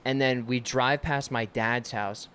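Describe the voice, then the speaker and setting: A young man with a smooth, resonant voice hosts a casual comedy podcast. He laughs easily and slips into the voices of people in his stories. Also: mid-range voice, fairly even intonation, a bit bright. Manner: giggly storyteller, quick to laugh, acts out quoted voices.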